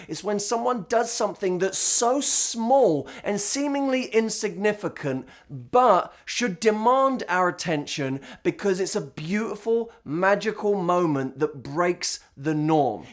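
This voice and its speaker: Guy hosting his own vlog, telling a story, very animated and theatrical. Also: high voice. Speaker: host and coach. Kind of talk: scripted vlog monologue.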